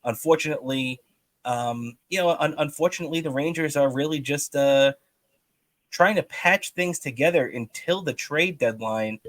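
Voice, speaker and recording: A man's voice: a little high, normal speed, a bit bright. A man co-hosting a sports podcast, talking in a rambling way with many fillers and restarts. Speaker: podcast co-host. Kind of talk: casual sports talk.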